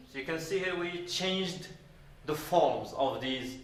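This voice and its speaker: A man from Morocco teaching an English grammar lesson deliberately, repeating words and spelling out verb endings. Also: a little high. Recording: roomy echo.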